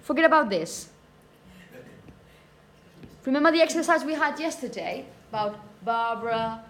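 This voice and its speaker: A woman teaching phonetics to a class, saying example words slowly and often asking "okay?". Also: high-pitched, expressive, a little hiss or hum. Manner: repeats words slowly to model pronunciation; asks "okay?" often to check understanding. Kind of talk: classroom lecture.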